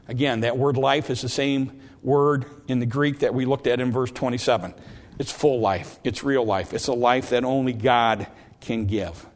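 A male preacher delivering a sermon in a plain, mid-pitched voice. He talks to the congregation conversationally, stumbling and restarting often. He slows down and drops his voice on the key scripture lines.

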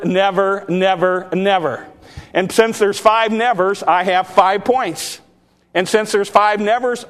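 High-voiced preacher in a reverberant hall. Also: male voice, a bit bright. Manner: earnest preaching with repetitions and restarts. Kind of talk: sermon.

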